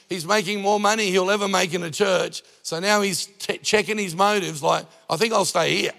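A middle-aged man preaching in a relaxed, storytelling way, dropping in jokes. His voice is gravelly and sits a little high. The sound carries a long reverb like a large church hall. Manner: conversational preaching with jokes and acted-out anecdotes. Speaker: pastor. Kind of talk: sermon.

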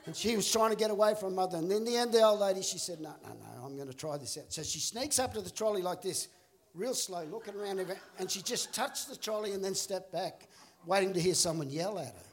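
High-voiced, animated pastor. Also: male voice, fast talker. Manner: animated storyteller, acts out characters, laughs along. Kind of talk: storytelling sermon. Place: church auditorium.

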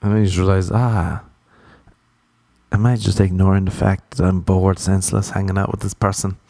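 Irish male stand-up, sweary ranting delivery, lower voice, close and dry. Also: completely flat delivery, quick pace, creaky, warm tone, dry recording. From Ireland. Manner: profane, ranting, acts out voices. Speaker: stand-up comedian. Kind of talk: stand-up comedy.

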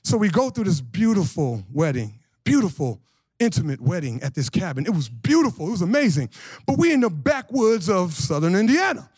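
Male pastor in his 40s, very high voice, dry close sound, casual slangy sermon. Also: brisk, husky, dry recording. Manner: animated, slangy, asks the congregation questions. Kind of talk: lively conversational sermon.

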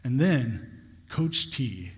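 A man's voice: mid-range voice, animated, extremely slow. A young adult man preaching a sermon, telling a personal story with earnest, building emphasis. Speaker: pastor. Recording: long hall reverb.

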